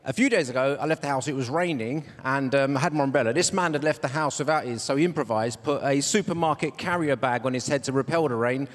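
A man performing a deadpan stand-up routine as an impressionist comedian. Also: medium pitch, fast talker, few pauses, big-room sound. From Italian heritage. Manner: deadpan setups, switching into voices and accents. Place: large theatre stage with a cheering audience. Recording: loud live crowd and noise.

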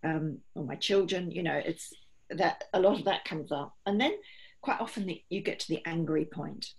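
A woman's voice: lowish voice, normal speed, gravelly, darkish tone, slightly rough. A middle-aged woman, a holistic therapist, explaining earnestly and steadily in an interview, often voicing what her clients think.

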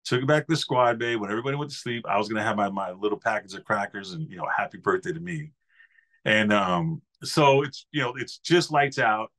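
A man's voice: fairly low pitch, brisk, a bit bright. A man in his fifties from New York, a podcast guest telling easygoing, rambling stories about his years as a Marine. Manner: rambling anecdotal storyteller, easygoing. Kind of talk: casual interview storytelling.

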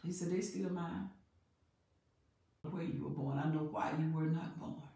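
A woman preaching a sermon in an emphatic, repetitive way that builds in loudness. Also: low-pitched, steady tone, a little slow, vocal fry. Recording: very echoey room, voice far from mic.

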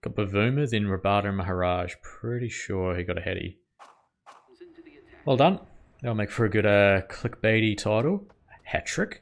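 Aussie bloke with a low gravelly voice yelling and muttering over his cricket game, swears a lot. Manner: excitable, swears at the game, quick reactions. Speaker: gaming channel host. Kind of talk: casual gameplay commentary.

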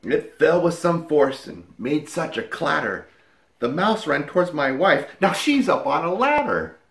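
Man, rhyming story narration, lively pitch swings, slow pace, echoey room. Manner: lively, playful sing-song reading. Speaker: woodworking video maker.

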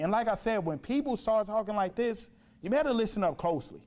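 A man's voice: high-pitched, lively intonation, a little fast, a little mellow. A man preaching a sermon in a church, emphatic, repeating phrases and asking rhetorical questions. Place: church sanctuary.

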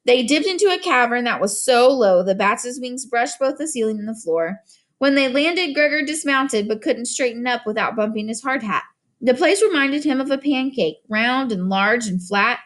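A woman narrating an audiobook in an expressive storytelling manner, doing voices for each character. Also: on the high side.

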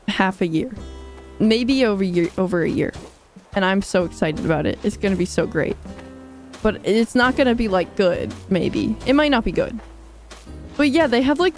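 A woman's voice: medium pitch, a little mellow. A woman livestreaming as she plays a game, chatting casually and bubbly, rambling and reading out viewer comments. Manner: bubbly, rambling, reads chat aloud. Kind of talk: casual livestream chat while playing.

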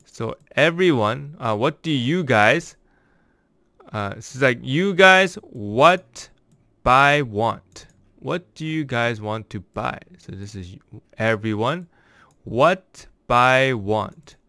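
Smooth-voiced man teaching a language lesson. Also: mid-range voice, fairly bright tone, no echo, clean studio sound. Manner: explains word by word, slowing down for examples.

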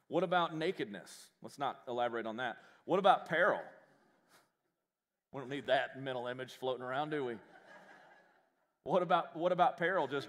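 A pastor preaching to his congregation in a church. His voice sits a bit high for a man. He keeps things animated, throws in jokes at his own expense, and drops into asides. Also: long reverb tail. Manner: animated, joking, self-deprecating. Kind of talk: live sermon. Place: church sanctuary.

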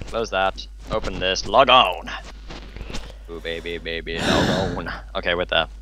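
A man's voice: low-pitched, steady tone, measured pace, sharp tone, a little hiss or hum, low-quality recording. A man playing a game with friends, talking in a hesitant, mumbling way full of fillers. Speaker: player. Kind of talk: casual gaming chat.

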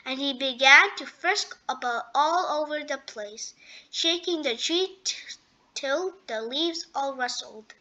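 A woman reading a children's storybook aloud, gentle and expressive. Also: high voice, slow, muffled recording. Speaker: storybook reader. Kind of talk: children's read-aloud narration.

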